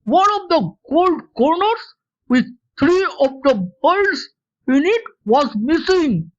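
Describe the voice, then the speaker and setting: A woman reading a classic detective story aloud, deliberately and expressively. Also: high-pitched, very animated. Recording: dull lo-fi recording.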